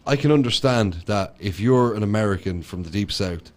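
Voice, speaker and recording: A man's voice: on the low side, animated, normal speed. An Irish man co-hosting a podcast, arguing his points in an emphatic, casual way. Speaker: podcast co-host. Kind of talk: casual chat.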